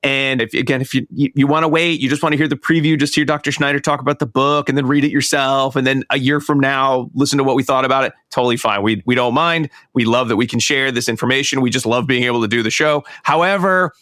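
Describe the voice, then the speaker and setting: A man's voice: medium pitch, fairly even intonation, fast talker, few pauses, bright, forceful tone, no room sound, clean studio sound. Rambling man co-hosting a podcast. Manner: rambling, self-correcting, chatty. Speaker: podcast co-host. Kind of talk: casual podcast chat.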